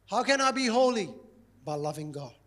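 Male pastor with a very high voice, playful, lively sermon delivery. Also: normal speed. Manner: animated, playful, repeats key phrases.

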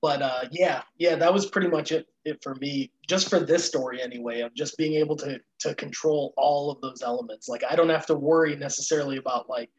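A man appearing as a guest on an interview, talking thoughtfully in a halting way with repeated words and casual fillers. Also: on the high side, lo-fi sound. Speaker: guest writer.

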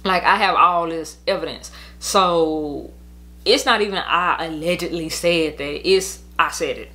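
A woman's voice: low-pitched, measured pace, bright, forceful tone. A woman venting in a rambling, profane monologue about her own story. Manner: rambling, profane, heated, with many "like" fillers. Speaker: podcast host telling her own story.

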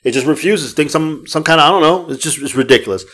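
A man's voice: on the high side, fast talker, fairly bright tone. Profane ranting male podcast co-host. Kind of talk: casual podcast chat.

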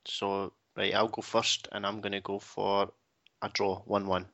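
A Scottish man with a fairly low, bright, forceful voice hosts a casual podcast chat. He moves things along briskly and plainly. The sound is dull and lo-fi. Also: completely flat delivery. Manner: leads the segment in a brisk, matter-of-fact way. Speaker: podcast host.

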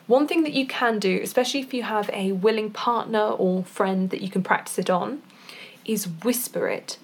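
A woman's voice: medium pitch, normal speed, husky. A woman who is a voice actor and poet, giving performance tips in a chatty, informal way, now and then demonstrating exercises with her voice. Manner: chatty, with fillers and small laughs, demonstrating vocal exercises. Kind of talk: casual instructional talk.

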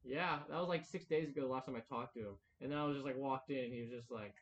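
A young man rattles through an anecdote at a quick clip, full of "like" and acted-out quotes. His voice comes through a dull lo-fi mic with faint hiss behind it, in a loose podcast chat. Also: medium pitch. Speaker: podcast co-host. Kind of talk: casual storytelling chat.

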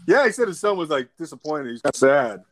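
A man's voice: on the high side, big pitch swings, fairly quick, over a noisy crowd. A man in casual chat, retelling an anecdote in a rambling way, repeating words and acting out quotes.

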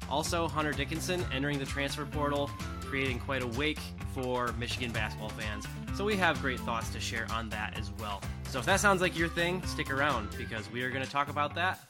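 A man hosting a casual sports podcast, opening with an upbeat, animated delivery and chatting with friends. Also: medium pitch, brisk, music in the background. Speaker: podcast host.

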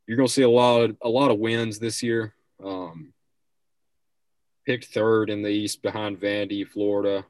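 Young man, sports talk co-host, rambling opinionated chat, low voice, dry sound. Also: level tone, moderate pace, darkish tone, dry recording. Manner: rambling and opinionated, restarts often.

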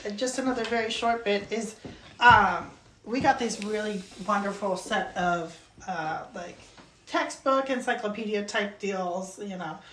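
A woman co-hosting a podcast, chatting in a rambling, relaxed way with lots of fillers. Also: mid-range voice, measured pace, a little hiss or hum. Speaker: podcast co-host. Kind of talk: casual chat. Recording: echoey room.

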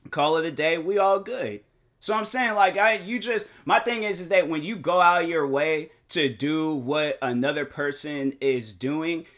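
Guy hosting a podcast, ranting with lots of fillers, kinda high pitched and tense sounding. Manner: animated and rambling, many fillers and restarts; defensive, emphatic. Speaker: podcast host and YouTuber. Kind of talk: casual motivational monologue. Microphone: desk microphone.

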